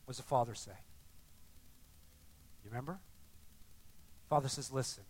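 An older man preaching a sermon in a conversational, animated way, often acting out the people he describes. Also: medium pitch, normal speed, slightly rough. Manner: animated, conversational, acts out voices. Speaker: pastor.

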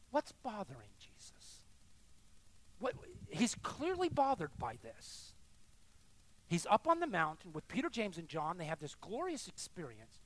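A middle-aged male pastor preaching with a lively, wide-ranging pitch. He swings between hushed, confessional lines and loud, insistent repetition. His delivery is emphatic and direct. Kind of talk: sermon.

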